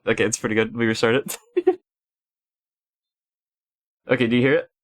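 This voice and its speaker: Laid-back male streamer, lively inflection, close dry sound. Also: medium pitch, normal speed, dry recording. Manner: laughing, relaxed reactions. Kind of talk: casual stream commentary.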